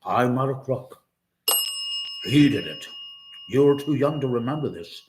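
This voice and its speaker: An older man hosting a casual livestream from his house. He rambles while reading chat, swears often and breaks into sudden loud outbursts. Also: mid-range voice, animated, a little slow. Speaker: livestream host. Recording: loud background noise.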